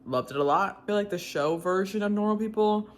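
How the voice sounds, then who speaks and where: A woman's voice: mid-range voice, brisk. A young woman with a Southern US accent, chatting casually to camera about books, chatty and joking with playful asides. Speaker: book vlogger.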